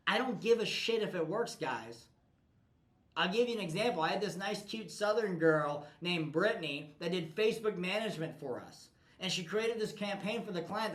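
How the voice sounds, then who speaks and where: A man's voice: high voice, reverberant, low-quality recording. A man coaching his team in a blunt, profane motivational talk. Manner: forceful, profane, pushy.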